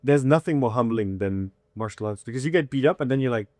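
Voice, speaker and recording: Speaking at a quick pace in a medium-pitched voice, a male comedian in his thirties recounts candid stories in a relaxed interview, playing out quotes along the way. No room sound is audible.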